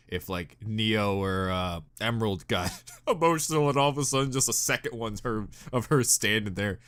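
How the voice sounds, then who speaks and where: A young man hosts a casual reaction video with a fairly low-pitched voice. He talks in an animated, giggly way, swinging from loud bursts down to mumbles.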